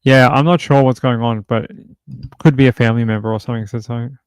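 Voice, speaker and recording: A man's voice: medium pitch, steady tone, fast, clean tone, dry recording. A man hosting a true crime livestream from home, chatting casually in a loose, rambling way full of fillers.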